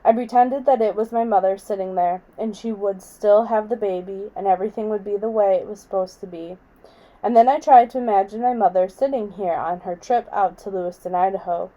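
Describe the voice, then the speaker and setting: A woman reads a novel aloud in a quiet, measured voice. Her tone is mellow and soft, with an ordinary middle pitch. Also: low-quality recording. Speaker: audiobook reader.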